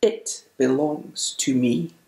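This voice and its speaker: A huge fire-breathing dragon from a picture book, stubborn and possessive, snarling his claims, as a reader puts him on. His voice has a gravelly edge. The room around him rings with echo. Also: medium pitch, normal speed, a little mellow, close to an everyday voice.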